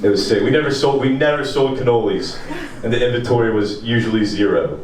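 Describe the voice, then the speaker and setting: Young stand-up comic, echoey room. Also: male voice, medium pitch, fairly quick, darkish tone. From rural Pennsylvania. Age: young adult. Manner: loose, profane, self-mocking delivery. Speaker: stand-up comedian. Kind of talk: stand-up comedy set. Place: small apartment comedy show. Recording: echoey room, distant, noisy.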